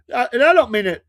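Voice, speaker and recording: A man's voice: very high-pitched, a bit bright, no room sound, studio quality. A middle-aged man hosting a radio show, telling neighborhood stories in a casual way and laughing often. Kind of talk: casual storytelling chat.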